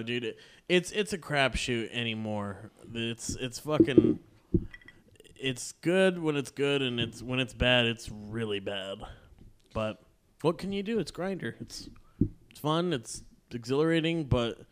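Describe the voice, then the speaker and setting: A man's voice: mid-range voice, expressive, measured pace, clean tone. A man on a podcast casually telling a crude, joking story. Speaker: podcast co-host.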